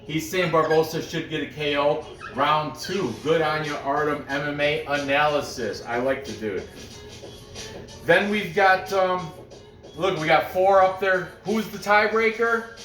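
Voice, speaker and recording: A man's voice: a little high, fairly bright tone, reverberant, recorded from a distance. A man hosting a casual podcast who rambles through fight picks, joking and laughing often. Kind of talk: casual chat.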